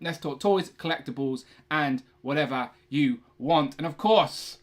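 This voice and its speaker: A man's voice: fairly high pitch, a little slow. A young man hosting a casual toy collecting livestream from his room, chatty and rambling, often correcting himself. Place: his own room, indoors.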